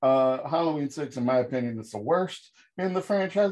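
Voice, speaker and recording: A man co-hosting a podcast, recapping a film with animated, sarcastic storytelling and sudden jumps in pitch. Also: a little fast. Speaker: podcast co-host. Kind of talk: casual comedic film review chat.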